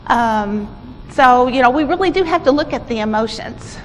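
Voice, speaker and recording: At a conference, a woman tells a story informally, correcting herself as she goes. Her fairly high voice has lively intonation and a moderate pace. The hall is echoey with faint background noise.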